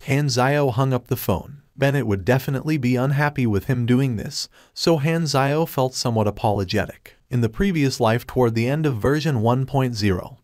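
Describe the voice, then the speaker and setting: A man reading a story recap aloud in a steady, even narration. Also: mid-range voice, no room sound, studio quality.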